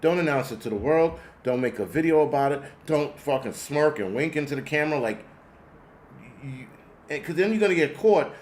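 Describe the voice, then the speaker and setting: A man's voice: fairly high pitch, lively intonation, a little fast, darkish tone. A man hosting a show, ranting bluntly and sarcastically with plenty of profanity while answering viewer comments. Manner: sarcastic, exasperated. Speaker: host. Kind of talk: ranting commentary reading chat.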